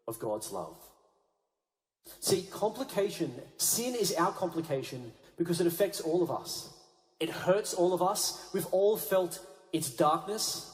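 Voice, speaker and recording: A man, a Catholic priest, giving an energetic talk at a youth rally in a large conference hall. He drops low and quiet for emphasis.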